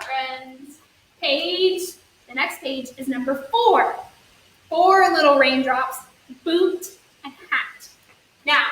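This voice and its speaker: Extremely high-pitched, bright and forceful, this woman guides a children's story yoga class through a counting story. Her reading is sing-song and encouraging, with playful sound effects, heard from a distant mic in an echoey room with faint hiss.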